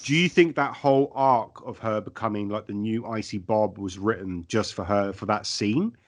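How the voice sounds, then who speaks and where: A man's voice: fairly low pitch, moderate pace. A man co-hosting a podcast who chats casually about a TV show, cracks dad jokes and puts questions to his co-host. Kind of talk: casual TV recap chat.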